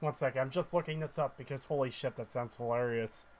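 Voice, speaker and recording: A man's voice: medium pitch, fairly even intonation, a little fast, slight background noise. A male game streamer giving casual, ranting commentary, blunt and sarcastic, who swears freely.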